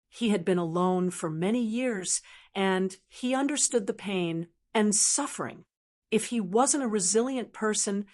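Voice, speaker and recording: Woman reading an audiobook steadily. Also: mid-range voice. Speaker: audiobook narrator. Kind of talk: scripted narration.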